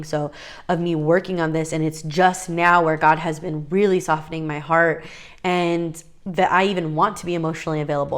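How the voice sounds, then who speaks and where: A young woman speaks straight to camera in a casual, heartfelt vlog. Her voice sits a little low, and she talks in an earnest, confiding way, full of restarts and little fillers. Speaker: faith vlogger.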